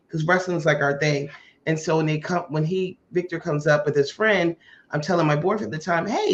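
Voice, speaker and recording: Animated woman telling a story, muffled audio. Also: low voice. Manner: animated, acts out quoted dialogue. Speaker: podcast host. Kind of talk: casual storytelling chat.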